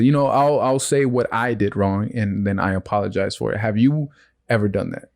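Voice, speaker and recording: A young man hosting a podcast in casual chat, blunt and quick to laugh, swearing freely. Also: fairly low pitch, vocal fry, darkish tone. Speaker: podcast host.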